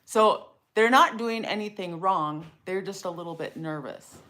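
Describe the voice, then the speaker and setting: Chatty middle-aged woman, soft low voice. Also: a little slow. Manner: warm, chatty, laughs often. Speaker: donkey trainer and live show co-host. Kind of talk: casual live training talk.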